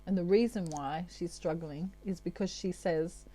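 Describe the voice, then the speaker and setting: Mellow Australian woman reading tarot. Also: on the low side, normal speed. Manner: chatty, peppered with "okay". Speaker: tarot reader. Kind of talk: channeled tarot reading monologue.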